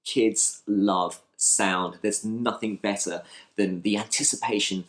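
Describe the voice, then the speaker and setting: A man teaching mindfulness for children, gentle and reassuring, often checking in with "okay" and "right". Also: lowish voice, steady tone, takes it slowly. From United Kingdom. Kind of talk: instructional talk with guided practice.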